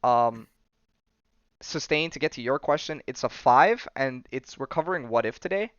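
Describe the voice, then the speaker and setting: Guy hosting a stream podcast, lots of um and like, smooth voice, kinda dull lo-fi mic. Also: mid-range voice, lively intonation, moderate pace, fairly bright tone, no room sound. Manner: rambling, many fillers and restarts. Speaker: podcast host. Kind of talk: casual chat recapping comics.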